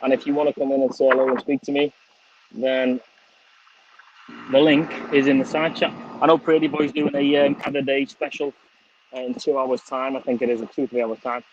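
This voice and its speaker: A man's voice: mid-range voice, level tone, brisk. A middle-aged man with a Scouse accent chatting casually on an outdoor livestream, swearing freely and thanking viewers by name. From England. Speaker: vlogger. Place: outdoors on a windy sunny day. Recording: slightly dull lo-fi stream audio.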